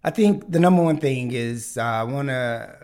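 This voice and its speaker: A man's voice: mid-range voice, expressive, normal speed, darkish tone. A man hosting a casual podcast chat, talking with many fillers and restarts. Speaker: podcast host.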